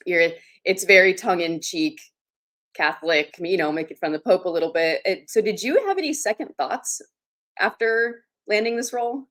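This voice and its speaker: A woman's voice: fairly low pitch, normal speed, a bit bright. Giggly woman podcast host. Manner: giggly, gushing, laughs often. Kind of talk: casual interview chat.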